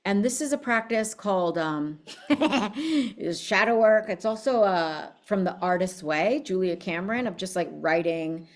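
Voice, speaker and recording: Woman business coach, casual motivational talk, mid-pitched, brash, profane, fired up. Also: expressive, unhurried. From United States. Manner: blunt, profane, fiery storytelling.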